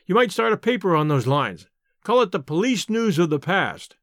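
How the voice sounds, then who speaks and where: A jovial, talkative young fellow, as a man reads him aloud in a storybook reading. The voice is high and lively in its intonation. The sound is close and dry. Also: moderate pace, no room sound. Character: friendly young male medical acquaintance. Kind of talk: audiobook character reading.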